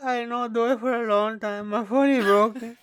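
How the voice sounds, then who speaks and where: A young man putting on an overdone Pakistani accent, pitched high and whiny, as a joke on a podcast. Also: fairly even intonation, moderate pace, fairly bright tone, clear, resonant tone, no echo. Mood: mock serious. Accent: put-on Pakistani.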